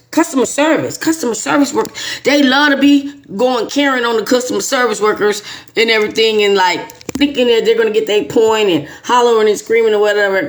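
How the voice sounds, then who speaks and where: A woman, the host and a teacher, chatting casually with a guest as an animated, emphatic storyteller. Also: on the high side.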